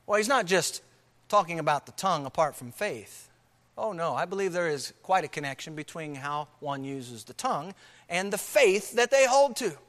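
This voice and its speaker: A man's voice: on the high side, fairly bright tone, in a large hall. A man preaching a sermon, emphatic, repeating key phrases and asking rhetorical questions.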